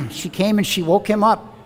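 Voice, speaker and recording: A man giving a scripture lecture as an animated, dramatic storyteller who acts out the quoted voices. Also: fairly high pitch, a little slow. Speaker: preacher. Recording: long hall reverb, faint background hum.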